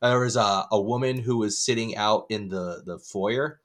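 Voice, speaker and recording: A man co-hosting a podcast, telling stories in casual chat with an animated, swearing manner. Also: on the low side, moderate pace. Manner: animated storytelling, loud when acting out others. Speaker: podcast co-host.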